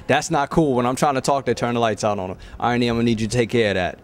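A man's voice: mid-range voice, fairly even intonation, rapid-fire, hardly any pauses. A man giving an enthusiastic audience testimonial, emphatic and repeating his praise. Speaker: audience member.

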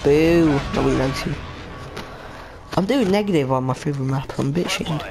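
A man with a gaming channel commentating live over a shooter match, excitable and swearing as he reacts. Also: a little high, fairly quick, music in the background. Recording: game gunfire under the voice. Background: gunfire and explosions from the game.

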